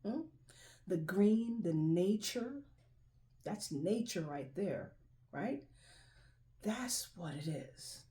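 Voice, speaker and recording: Low, mellow woman host. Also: animated, extremely slow, long pauses, a little hiss or hum. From Jamaica. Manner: chatty, repetitive, keeps asking "right?". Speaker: video host. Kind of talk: casual show-and-tell talk to camera.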